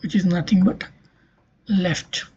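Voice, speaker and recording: Lecture voice: deliberate, repetitive teacher, heavily breathy, dull recording. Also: medium pitch, steady tone, dark tone. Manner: explains step by step, repeats key terms, frequent "okay". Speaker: linguistics lecturer. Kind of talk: recorded exam-prep lecture.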